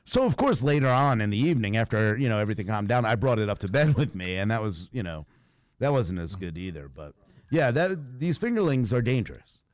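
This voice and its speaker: Lively, laughing man telling a story. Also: on the low side, a little fast, dry recording. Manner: animated storyteller, laughs often, puts on cooing baby talk to a toy. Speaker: radio show host. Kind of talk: casual comedic storytelling.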